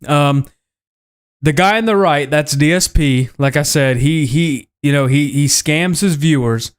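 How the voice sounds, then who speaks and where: A man's voice: a little high, measured pace, clean tone. A man calling in to heckle the host, crude and insulting, swearing often. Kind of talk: profane heckling rant.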